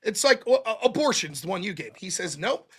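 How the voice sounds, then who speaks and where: A man talks through a debate he just had, blunt and heavy on swearing. His pitch jumps around a lot, and his tone is bright and edgy. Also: a little fast, slightly rough. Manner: animated, blunt, swears often. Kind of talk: casual post-debate chat.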